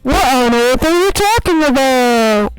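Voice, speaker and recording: A woman voicing a poised, cheerful teenage girl who leads a school club, speaking up loudly. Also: high-pitched, animated, unhurried, clear, resonant tone, no room sound, soft background music, poor audio. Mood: sheepish.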